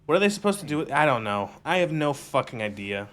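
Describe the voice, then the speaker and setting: A young male streamer comments on a game in a casual, sweary rant. His pitch swings widely as he gets exasperated, with faint noise behind. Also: big pitch swings, fast, fairly bright tone.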